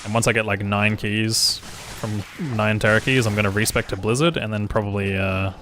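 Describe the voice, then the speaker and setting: Low-voiced Australian man rambling casually. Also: level tone, normal speed, a bit bright, a little hiss or hum. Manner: rambling, full of "like", swears freely. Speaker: streamer. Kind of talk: casual gameplay commentary.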